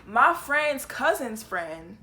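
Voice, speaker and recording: A young woman telling a story from her own life in a casual, animated and profane way. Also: fairly high pitch, slow pace. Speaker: storytelling vlogger.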